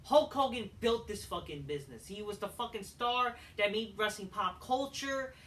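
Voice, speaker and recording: Guy ranting and cussing about wrestling, bright sharp voice, a bit far from the mic. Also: high voice, expressive, moderate pace. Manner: heated, profanity-laden ranting. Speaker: wrestling show reviewer. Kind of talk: angry profane rant review.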